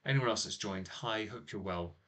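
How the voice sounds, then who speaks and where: A man from England hosts a casual live stream from a small home office, speaking through a laptop microphone. His voice sits a little low, and he rambles with plenty of ums and uhs while teasing his co-host. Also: normal speed, fairly bright tone. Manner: rambling, filler-heavy, teasing.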